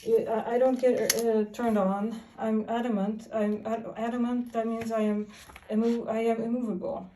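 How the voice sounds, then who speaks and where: A woman talks in a long, rambling monologue, halting often and restarting her sentences. Her voice sits a little high and sounds dark and mellow. She is some way from the mic in an echoey room. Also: flat delivery, distant mic, slight background noise. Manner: halting, many fillers and restarts. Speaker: vlogger.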